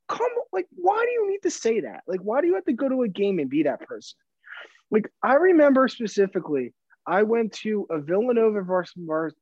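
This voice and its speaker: A man's voice: fairly high pitch, a little mellow, no echo. A man co-hosting a casual sports podcast who rambles, stumbles over his words, restarts his sentences and swears freely. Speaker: podcast co-host. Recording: dull, dry sound.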